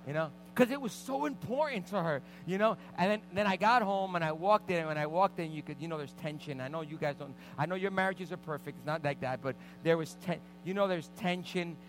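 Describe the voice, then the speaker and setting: A man in a pulpit telling a story from his own life, and he acts the scenes out with energy. His voice sits a little high and he talks fast. Music plays clearly beneath him. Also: low-quality recording. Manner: animated, reenacts scenes loudly. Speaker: pastor. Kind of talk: storytelling sermon. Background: background music.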